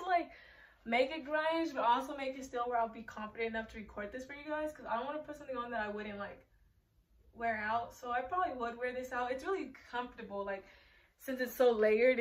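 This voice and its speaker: Young woman, slightly high voice, casual fashion vlog, rambling, filler words, a bit out of breath. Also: a bit bright. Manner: rambling, chatty, lots of filler likes. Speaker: fashion vlogger. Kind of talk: casual chat to camera. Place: bedroom.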